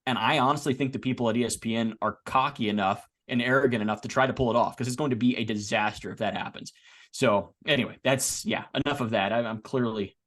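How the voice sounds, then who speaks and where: A man's voice: medium pitch, fast talker, fairly bright tone. Rambling man co-hosting a sports podcast. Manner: rambling, frequent restarts and repeated words. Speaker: podcast co-host. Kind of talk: casual sports podcast chat.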